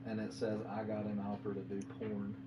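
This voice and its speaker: A man in the room making quiet, teasing side remarks, heard off-mic. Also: lowish voice, monotone, a little fast, muffled recording, slight background noise. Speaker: friend in the room.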